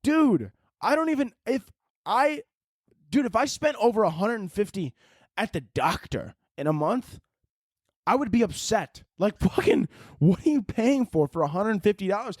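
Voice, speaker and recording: A man's voice: high voice, moderate pace, no room sound, studio quality. A young man hosting a podcast, ranting casually with lots of swearing and restarts. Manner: profane, animated, rambling with restarts. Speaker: podcast host. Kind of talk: casual rant.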